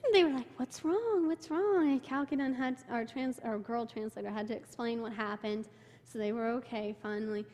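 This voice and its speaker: A woman's voice: fairly high pitch, steady tone, fairly quick, a little mellow. A young woman telling a congregation about a mission trip, storytelling with feeling and quoting the people she met. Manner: emotional storytelling, quotes people in her own voice. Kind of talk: personal testimony to a church. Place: church sanctuary. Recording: long hall reverb.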